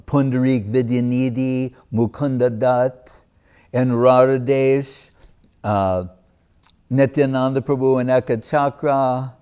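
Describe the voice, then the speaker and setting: Slow, deliberate male spiritual teacher. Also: medium pitch, dark tone. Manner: asks rhetorical questions and answers them; recites verses in Sanskrit and Bengali and explains them. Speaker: spiritual teacher giving a discourse. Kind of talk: devotional lecture to a live audience.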